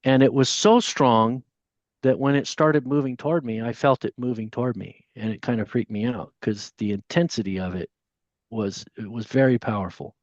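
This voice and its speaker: A man tells a story as a podcast guest and acts out each person in it with lively energy. His voice sits at a middling pitch. The recording is muffled and lo-fi, with a dry, close sound. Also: moderate pace, no room sound. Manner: animated storyteller, voices the people in his stories. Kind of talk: casual storytelling. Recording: dull, dry lo-fi audio.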